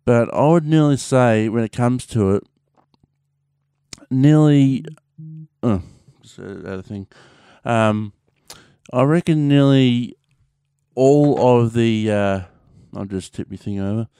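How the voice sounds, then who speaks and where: A man's voice: mid-range voice, slow, mellow, clear, resonant tone, dry recording, clean studio sound. A young Australian man chatting casually on his own show, rambling with lots of fillers and the odd swear word. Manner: rambling, many fillers and restarts, mild swearing. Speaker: podcast host. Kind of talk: casual solo chat.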